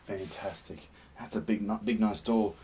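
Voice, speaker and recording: A man hosting a painting demonstration, gentle and encouraging, often sinking to a soft near-whisper. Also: on the low side, steady tone, normal speed, slightly rough. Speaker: painting tutorial host. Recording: slightly distant mic with faint hiss.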